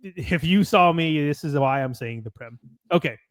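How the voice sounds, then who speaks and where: A man's voice: on the high side, animated, normal speed, dry recording, studio quality. An American man co-hosting a podcast, chatting casually and a bit ramblingly, reading out match notes and swearing now and then. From United States. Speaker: podcast co-host. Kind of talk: casual sports chat.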